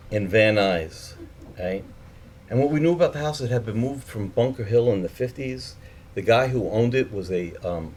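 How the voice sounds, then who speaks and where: A man's voice: mid-range voice, darkish tone, a little hiss or hum. A man telling a story to a live audience, casually swearing and acting out the people he quotes in a raised voice.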